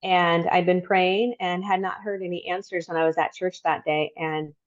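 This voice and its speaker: A middle-aged woman telling a personal story as a podcast guest, reflective and halting, with many pauses. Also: lowish voice, fairly even intonation, dry recording, highs cut off.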